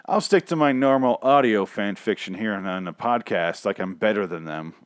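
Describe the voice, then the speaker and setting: A lower-pitched man talks alone into a podcast mic, rambling and swearing as he jokes through a recap. His voice is strained and a bit shaky from recent overuse. The sound is dry and close, with almost no room around it. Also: normal speed, dry recording. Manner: profane, rambling, jokey. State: strained, recovering voice. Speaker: podcast host. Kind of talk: casual solo show recap.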